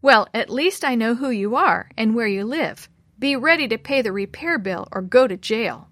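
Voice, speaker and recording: Woman reading angry woman, harsh, threatening, loud, dry close recording. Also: a little high, animated, normal speed, no room sound. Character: angry woman whose car was hit.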